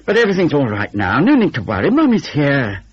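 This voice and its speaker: A gentle mother reassures her child in a raised, lilting voice, as a male narrator puts her on. Her tone is soft and comforting, with a slight husk. The recording sounds dull and muffled. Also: on the high side, wildly swooping pitch, brisk, husky, voice pushed up, heavily acted. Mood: soothing. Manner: soothing, reassuring.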